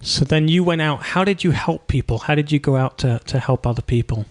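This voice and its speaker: A man's voice: a little high, fairly quick. Chatty, enthusiastic male podcast host. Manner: chatty, enthusiastic, frequent reactions. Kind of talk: conversational interview.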